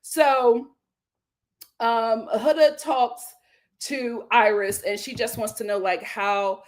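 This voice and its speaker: With a voice on the high side, an American woman hosts a reality show recap at an unhurried pace. Her storytelling is animated and dramatic, broken up by frequent laughter.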